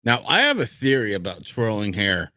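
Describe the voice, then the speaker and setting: A man's voice: fairly low pitch, huge pitch swings, moderate pace, bright, forceful tone. A man co-hosting a casual livestream chat, boisterous and teasing while drinking on air, with the hiccups. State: has the hiccups. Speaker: show co-host.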